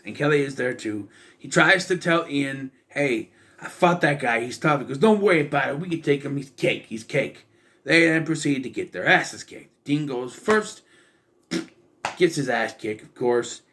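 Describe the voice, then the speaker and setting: A man's voice: medium pitch, fairly bright tone. A young man casually reviewing a film, rambling and sarcastic, with incredulous asides. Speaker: movie reviewer.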